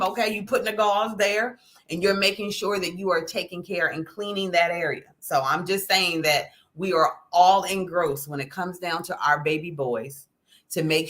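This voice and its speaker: A middle-aged woman hosting a casual talk, folksy and animated, often checking in with "okay?". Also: fairly low pitch. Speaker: host. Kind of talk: casual talk to a live audience.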